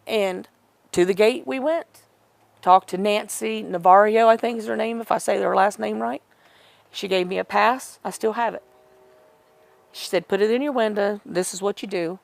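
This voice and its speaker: A woman's voice: medium pitch, normal speed, vocal fry, no room sound. A middle-aged woman telling a personal story in an interview, rambling and correcting herself as she retells old conversations.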